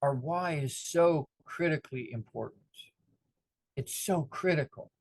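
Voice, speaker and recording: A man's voice: a little high, a little slow, slight background noise. A middle-aged man giving a motivational talk, telling stories and acting out the voices of the people in them. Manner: animated, acts out the voices of people in his stories. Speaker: motivational speaker.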